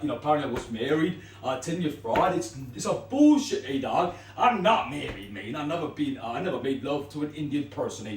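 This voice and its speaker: A man's voice: a little high, slight background noise. A man of Sri Lankan Tamil family ranting to camera in a rambling, slangy way, tagging his lines with street filler. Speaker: vlogger. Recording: echoey room, far from the mic.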